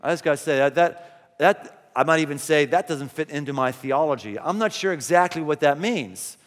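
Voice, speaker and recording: A man's voice: on the high side, lively intonation, normal speed. A man pastor preaching a conversational sermon in a large church, full of rhetorical questions. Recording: long hall reverb.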